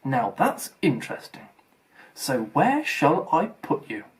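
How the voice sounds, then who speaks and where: A man reading an audiobook aloud, voicing a sly old talking magic hat in a hushed, drawn-out way. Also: a little high, wildly swooping pitch, heavily acted. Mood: musing.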